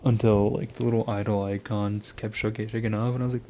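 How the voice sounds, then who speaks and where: A man's voice: fairly low pitch, level tone, a little fast, hardly any pauses, dark tone, slight background noise. A young man chatting casually to his viewers about his gaming, loose and profane, laughing often and rambling with lots of restarts. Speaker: gamer talking to viewers.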